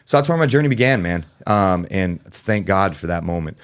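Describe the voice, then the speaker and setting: A man with a very low, gravelly voice speaks as a podcast guest. He talks in a casual, candid way, full of fillers and now and then a swear word. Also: lively intonation, normal speed, dry recording, studio quality. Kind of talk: candid storytelling in a podcast interview.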